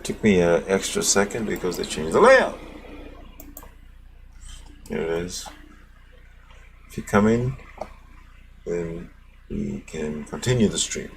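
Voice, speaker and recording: A livestream host mutters to himself while clicking around his screen, then signs off with teasing sarcasm. His male voice is deep, gravelly and sing-song, slow with long pauses, and there's a little hiss or hum.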